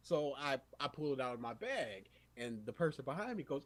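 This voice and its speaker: Young male co-host with a lively, high voice; tells anecdotes and plays out all the voices. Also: brisk. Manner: animated storyteller, acts out quotes, laughs often. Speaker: podcast co-host. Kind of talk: casual chat.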